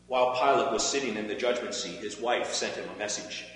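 A man giving a measured, expressive scripture reading in a church. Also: medium pitch. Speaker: scripture reader. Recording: echoey hall with faint hum.

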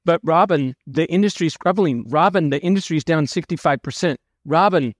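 A man hosting a podcast discussion, talking briskly and animatedly as he steers the conversation. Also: on the high side, dry recording, clean studio sound. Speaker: podcast host.

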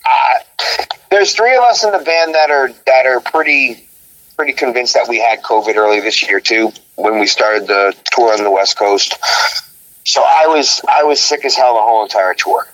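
A man guest in a casual interview, telling road stories in an animated way, acting out quotes and laughing often. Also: medium pitch, moderate pace, no echo, rough recording.

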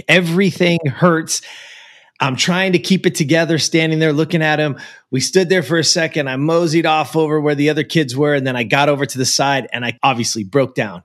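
A man from the United States telling a personal story as an interview guest, earnest and emphatic, with many casual fillers. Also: fairly high pitch. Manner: earnest and emphatic, with frequent "like" and "you know".

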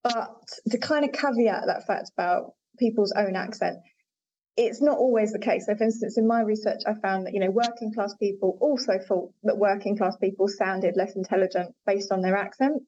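Mellow-voiced woman researcher on a lo-fi recording. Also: medium pitch, steady tone, moderate pace. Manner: articulate, hedges with fillers. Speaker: linguistics researcher, guest. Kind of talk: conversational podcast interview. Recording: dull lo-fi audio.

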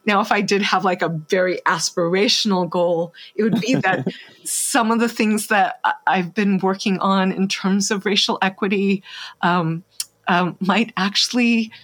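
A husky-voiced woman talks as a podcast guest, reflective and earnest. She halts often, trailing through fillers and restarts as she searches for words, at an ordinary middle pitch. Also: fairly bright tone. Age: adult, married. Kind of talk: reflective interview talk.

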